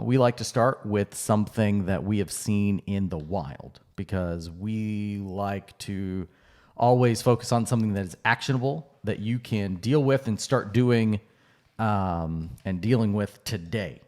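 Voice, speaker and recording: A man's voice: lowish voice, a little mellow. A man co-hosting a podcast in a casual, conversational way, with fillers and restarts. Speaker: podcast co-host.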